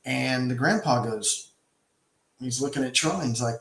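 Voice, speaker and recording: Man, middle pitch, emphatic storyteller with lots of restarts, casual chat, echoey room sound. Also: normal speed, fairly bright tone. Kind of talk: casual conversation, retelling a film.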